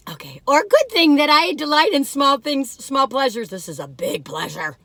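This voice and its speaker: A woman's voice: high-pitched, animated, moderate pace, few pauses, sharp tone, dry recording. An older woman chatting casually in a gushing, giggly way from inside her car. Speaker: vlogger tasting cookies. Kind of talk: casual chat.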